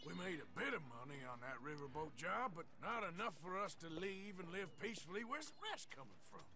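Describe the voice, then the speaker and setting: An actor playing a rugged, sardonic outlaw gunman in a video game, with a gruff, wry way of talking. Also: high-pitched, sing-song, fairly quick, crowd noise.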